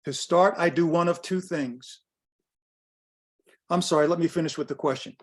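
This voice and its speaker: Older American male coach in his 60s, slightly high voice, direct and emphatic, repeats his points. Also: moderate pace. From United States. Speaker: business coach presenting a workshop. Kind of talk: workshop talk on pricing.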